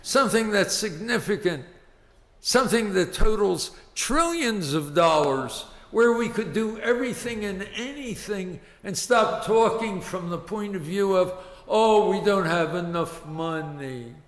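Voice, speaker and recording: Slow-talking man at a council podium, raised-pitch voice, long hall reverb. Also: lively intonation. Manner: rambling, piling up rhetorical questions. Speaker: public commenter at a city council meeting. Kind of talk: public comment speech. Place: large council chamber.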